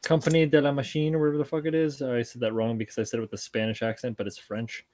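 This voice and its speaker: A man's voice: medium pitch, racing, darkish tone, a little hiss or hum. A man co-hosting a live hobby stream, rambling and joking in loose casual chat. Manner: rambling, jokey, loose wording. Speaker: co-host.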